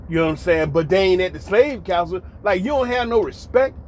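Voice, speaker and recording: A man's voice: high voice, lively intonation, a little fast, a little hiss or hum. An American man hosting a monologue commentary, emphatic and preachy, repeating lines for effect with mocking asides. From United States. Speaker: commentary host.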